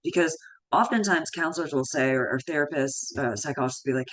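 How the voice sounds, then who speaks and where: A woman's voice: low-pitched, animated, quick pace, poor audio. A woman, a psychologist in her thirties or forties, giving a conversational parenting talk and acting out short dialogues as examples. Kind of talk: educational talk.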